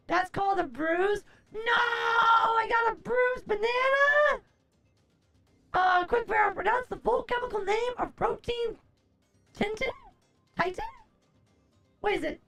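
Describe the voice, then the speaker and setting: Woman streamer, super high voice w/ gravelly fry, groaning + swearing, answers chat. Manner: chatty and expressive, reads chat aloud, groans and swears. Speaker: livestreamer. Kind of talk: casual livestream chat.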